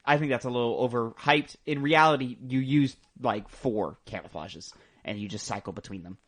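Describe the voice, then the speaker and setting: A man's voice: medium pitch, moderate pace. A young man co-hosting a casual gaming podcast, enthusiastic and rambling, with plenty of ums and likes. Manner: enthusiastic, rambling with many fillers. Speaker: podcast co-host.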